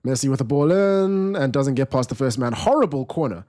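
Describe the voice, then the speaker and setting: A young man hosts a live football watchalong in an easygoing, conversational way. He reads viewer comments aloud and often restarts his sentences as he thinks. His voice sits at an ordinary middle pitch. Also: brisk, smooth. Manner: relaxed, rambling, restarts sentences. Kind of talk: casual live match commentary, reading chat.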